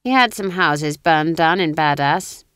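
A woman reading, who puts on a proud, stern older witch. Her lines come out curt and disapproving, slow and deliberate, in a low voice. The recording is dry and close. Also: lively intonation, fairly bright tone, clean tone, no room sound.

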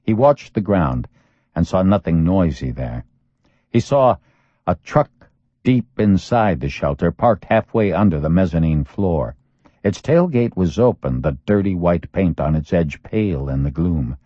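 A man narrates a thriller audiobook in a steady, measured way, his voice sitting very low. The recording sounds dull and lo-fi, dry and close with no room sound. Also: no echo.

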